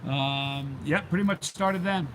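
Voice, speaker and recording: With a fairly high, slightly bright voice and a measured pace, a middle-aged channel host reads his live chat and talks casually with viewers. He's prone to rambling, sidetracked stories, and a faint hiss or hum sits under the audio.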